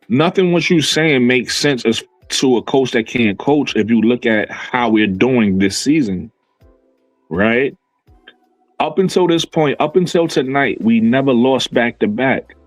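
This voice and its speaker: Male streamer, mid-pitch, argumentative and repetitive, dry close sound, faint music under. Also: dry recording, low-quality recording. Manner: argumentative, repeats himself, answers chat comments. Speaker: basketball commentary streamer. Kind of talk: casual livestream commentary.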